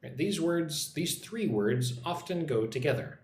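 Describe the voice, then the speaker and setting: A man teaching English on a live stream, slowly modeling pronunciation and reading viewer comments aloud. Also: a little high, lively intonation, roomy sound, a little hiss or hum.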